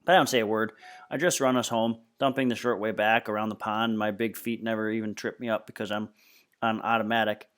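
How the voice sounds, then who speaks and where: A man reading a novel aloud at a steady, plain pace. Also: fairly low pitch, brisk, smooth. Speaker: reader.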